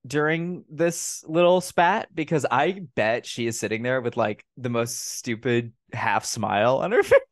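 A man hosting a casual film podcast, retelling scenes with lots of swearing and animated energy. His voice sits at an ordinary middle pitch. The sound is dry and close, with no room echo. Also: measured pace, few pauses. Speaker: podcast host. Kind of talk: casual film review chat.

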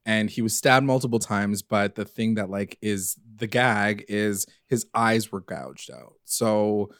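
A man's voice: lowish voice, measured pace, dry recording, studio quality. A young man casually recapping a TV episode on a podcast, rambling with lots of fillers and the odd swear word. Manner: rambling, filler-heavy, animated retelling with swearing. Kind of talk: casual chat.

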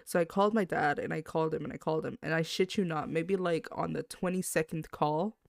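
A young woman co-hosting a podcast, telling a story in casual chat, animated and swearing freely as she acts out what people said. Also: deep voice, a little fast, gravelly, no room sound, studio quality. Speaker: podcast co-host.

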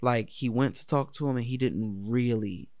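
A man's voice: medium pitch, moderate pace, a little mellow, no room sound, clean studio sound. A man telling a personal story in a casual, candid, profane way. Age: adult.

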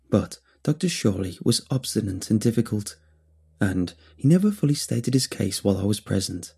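Gravelly, husky man telling a horror story. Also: on the low side, lively intonation, moderate pace, mellow. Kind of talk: first-person horror story narration.

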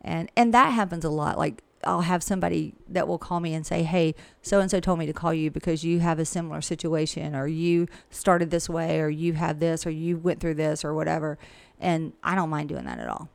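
A woman speaking in a lowish voice with a gravelly edge, chatty and frank, with plenty of asides. She sounds like a real estate coach talking shop in a relaxed interview. The sound is dry and close. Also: a little fast, few pauses, no echo. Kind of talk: casual conversational interview.

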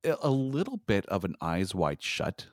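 A male podcast co-host with a very deep voice that still swings widely in pitch. He talks in animated casual chat and restarts often. The recording is dry, with no room sound. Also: moderate pace, dry recording.

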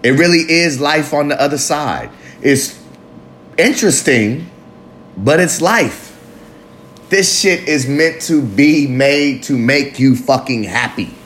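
A man's voice: medium pitch, fairly bright tone, a little hiss or hum. A man hosting a live recovery talk show, talking loosely and profanely in a confessional monologue, sometimes drawing out his words. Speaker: podcast host.

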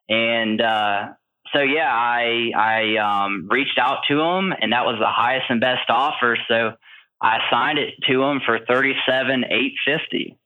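A male guest in an interview, telling his story in an animated way with many fillers. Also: mid-range voice, measured pace. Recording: tinny phone-like line.

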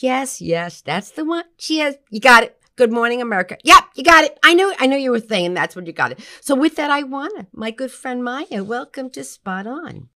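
A middle-aged woman hosting a health podcast, talking with excitement, animated and full of quick restarts. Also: a little high. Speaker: podcast host and nutrition professor. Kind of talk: enthusiastic podcast talk.

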